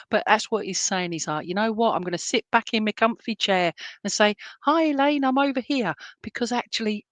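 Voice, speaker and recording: A chatty woman working as a medium, talking reassuringly through a live online reading. Her voice sits at an ordinary middle pitch. She drops into soft whispered asides now and then, and the sound is close and dry with no room echo. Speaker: spiritualist medium.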